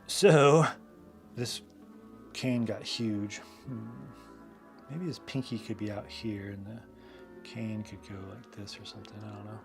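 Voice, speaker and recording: A man's voice: lowish voice, steady tone, measured pace, gravelly, long pauses, faint music behind. A man hosting a live drawing stream, telling casual stories in a loose, rambling way full of fillers and asides. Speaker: host and illustrator.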